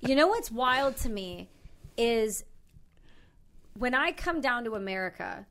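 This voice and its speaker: A woman from Canada with a Canadian accent, chatting casually and teasing back as a podcast co-host. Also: on the high side. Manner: lively, quick to tease and protest. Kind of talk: casual chat.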